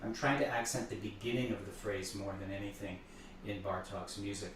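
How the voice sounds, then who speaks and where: A man explaining piano music as a teacher, thoughtful and unhurried, sometimes stumbling over repeated words. He sits back from the mic, so his voice carries a strong room echo with a faint hum behind it. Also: lowish voice, fairly even intonation. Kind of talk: explaining piano repertoire between playing. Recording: echoey room, voice far from the mic.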